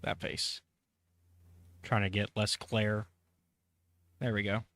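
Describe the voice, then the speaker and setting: A man's voice: fairly low pitch, little pitch movement, measured pace, fairly bright tone, dry recording. A man hosting a casual podcast, running a trivia quiz and reading quotes aloud, chatty and correcting himself as he goes. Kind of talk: casual chat.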